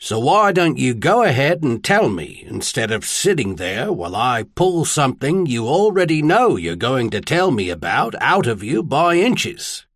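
Casting: male narrator doing a dry-humored older spymaster, husky and lively in pitch, audiobook. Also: a little slow, few pauses, no room sound, heavily acted. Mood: wry. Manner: wry, probing questions. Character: older male spymaster baron, wry and shrewd.

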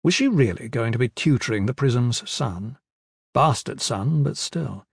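Man narrating an audiobook, measured, mid-pitched, dry close sound. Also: expressive, creaky, slightly rough, no room sound. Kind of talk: scripted narration.

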